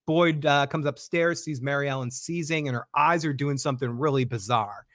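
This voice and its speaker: A man co-hosting a casual show recap, talking fast with fillers and acting out lines from scenes. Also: a little high, no room sound, studio quality. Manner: animated, acts out quotes, frequent fillers. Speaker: podcast co-host recapping a TV episode.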